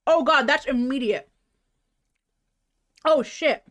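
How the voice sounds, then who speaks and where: A woman's voice: high-pitched, takes it slowly, a bit bright. A woman streamer chatting casually on a livestream, self-mocking and swearing freely.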